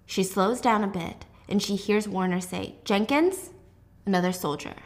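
A woman's voice: medium pitch, normal speed. Chatty young woman recapping a book. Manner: animated storytelling with asides. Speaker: host.

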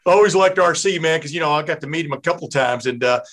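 A man's voice: fairly high pitch, fast, fairly bright tone. A man from East Texas hosting a casual interview, chatty and digressive, laughing easily. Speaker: host.

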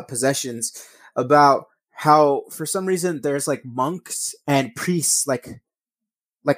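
A man's voice: a little high, no echo. Guy reading history bits on his podcast then rambling with lots of cursing, dry no-room sound. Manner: profane, rambling asides between read passages. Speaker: podcast host. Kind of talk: casual storytelling podcast, reading passages aloud.

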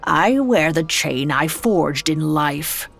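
A woman's voice: low voice, animated, slow, vocal fry, a bit bright, faint music behind, pitched below the performer's own voice, exaggerated voice. A woman voicing the grim ghost of an old man bound in chains, speaking solemn warnings in an audio drama reading.

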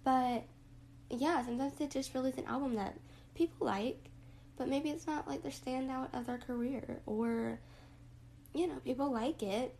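A young woman hosting a casual reflective monologue, rambling with lots of fillers and a rough morning voice. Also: sits high, normal speed, warm tone, a little hiss or hum, low-quality recording. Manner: rambling, lots of likes and ums. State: morning voice, throat a bit rough.

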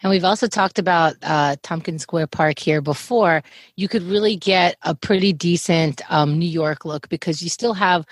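Woman co-host, relaxed chatter, lower voice, dry studio. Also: no room sound. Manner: chatty, unhurried, laughs often. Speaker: podcast co-host. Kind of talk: casual chat.

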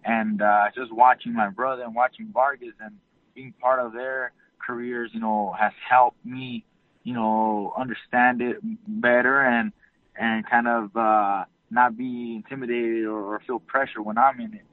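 A boxer, a man, answering interview questions in a calm, mellow, measured way. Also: mid-range voice, no room sound. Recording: phone line.

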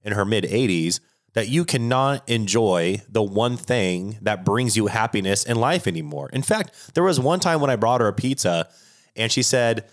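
A young man co-hosting a podcast, chatting casually with animated, profane rants. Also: fairly low pitch, normal speed. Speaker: podcast co-host. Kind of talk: casual chat.

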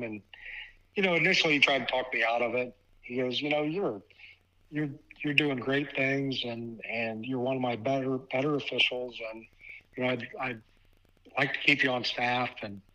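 Bright-voiced man telling a story. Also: mid-range voice, lo-fi sound. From Ohio. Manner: halting, repeats words often, chuckles. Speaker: podcast guest, basketball official and assigner. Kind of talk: casual storytelling interview.

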